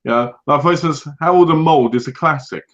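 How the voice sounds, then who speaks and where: A man's voice: on the high side, a little fast, fairly bright tone, muffled recording. Rambling, laughing male co-host. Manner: rambling, laughs often, restarts sentences. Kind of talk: casual livestream chat.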